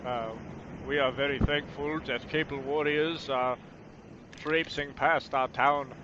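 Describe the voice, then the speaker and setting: A man voicing a proud, wary male guard captain in a put-on rough accent that is hard to place, speaking with formal courtesy. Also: a little high, measured pace, close to an everyday voice. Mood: courteous. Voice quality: put-on rough foreign accent, unsure whether Scottish or Austrian. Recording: muffled lo-fi recording with steady background noise.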